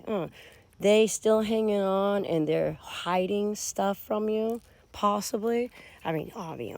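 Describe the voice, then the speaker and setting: A woman's voice: mid-range voice, no room sound. A woman giving a casual tarot reading, talking straight to her viewers. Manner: animated, addresses viewers directly. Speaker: tarot reader.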